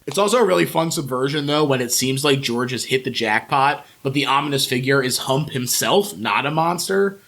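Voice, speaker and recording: A man's voice: medium pitch, expressive, a little fast, hardly any pauses, a bit bright. A man co-hosting a podcast, casually recapping a horror movie's plot with frequent laughs and offhand swearing. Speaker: podcast co-host.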